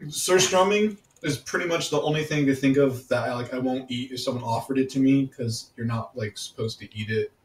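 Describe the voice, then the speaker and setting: A man chatting casually on a podcast, halting and rambling, full of fillers. His voice sits at an ordinary pitch and rings out in a roomy, echoey space. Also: a little hiss or hum. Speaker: podcast co-host. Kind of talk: casual chat.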